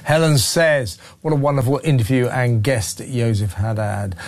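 A man's voice: mid-range voice, steady tone, normal speed, a little hiss or hum. A man hosting a phone-in talk radio show, reading out listener messages and giving blunt, opinionated views that rise into heated rhetorical questions.

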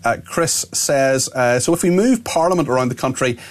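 A man hosting a radio phone-in, reading listener texts out loud with a lot of "uh" fillers. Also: mid-range voice, animated. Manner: fast, plain reading with frequent "uh" fillers. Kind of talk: reading listener messages on air.

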